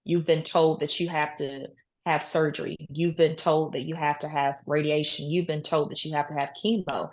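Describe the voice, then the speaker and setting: A woman's voice: low voice, fairly even intonation, moderate pace. A woman guest in an interview, telling her story earnestly with many "you know"s. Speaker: guest, cancer survivor. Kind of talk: casual interview talk.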